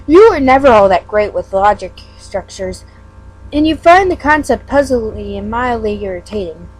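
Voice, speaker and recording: A woman's voice: medium pitch, animated, moderate pace, soft background music, rough recording. A woman giving a casual read-aloud of a webcomic. She stumbles over words and breaks off into self-mocking asides. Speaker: fan reader.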